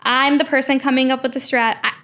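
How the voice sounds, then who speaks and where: A woman's voice: sits high, fairly even intonation, fast, a bit bright. A young adult woman co-hosting a casual podcast about her work as a behavior analyst, talking in a chatty way full of "like" and "you know.". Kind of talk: casual conversational podcast chat.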